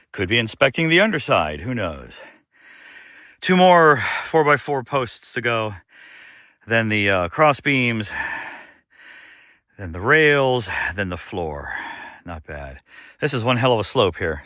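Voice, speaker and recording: A man's voice: mid-range voice, very animated, unhurried, pauses often, pushed and bright, no room sound, studio quality. Wry, short-winded man talking to himself. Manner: wry, joking, talks to himself. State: short of breath. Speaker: DIY builder vlogger. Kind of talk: casual self-narration while working. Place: outdoors on a wooded slope.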